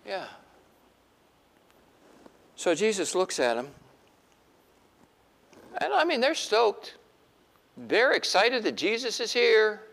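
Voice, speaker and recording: A middle-aged man preaching a sermon in an animated way, acting out the voices he quotes. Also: high-pitched, slow pace, gravelly, long pauses, big-room sound. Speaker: pastor.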